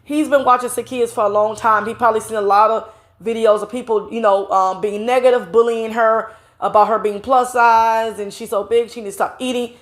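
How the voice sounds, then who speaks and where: A woman speaking talks through a stuffed-up nose and audible breathing, her voice sitting a little high. She delivers casual, indignant vlog commentary, piling up fillers as she goes. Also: steady tone. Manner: chatty, indignant, drawn-out fillers. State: congested nose, heavy breathing. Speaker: commentary vlogger.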